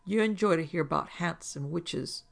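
A rustic mountain man cooking over a campfire, voiced by a man reading a story. He talks in plain, matter-of-fact backwoods dialect. His voice has a strong gravelly grain. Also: on the high side, normal speed. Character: rustic mountain man, camp cook, superstitious.

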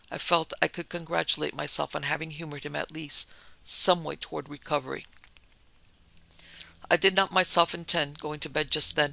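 A man narrating a story in a measured, composed manner. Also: fairly high pitch, creaky, pushed and bright, no room sound, poor audio.

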